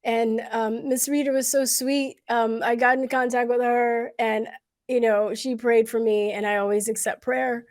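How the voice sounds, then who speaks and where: A woman hosting a casual livestream, talking to viewers with many pauses, fillers and restarts, and growing emotional at times. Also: a little high, level tone, darkish tone. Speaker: livestream host.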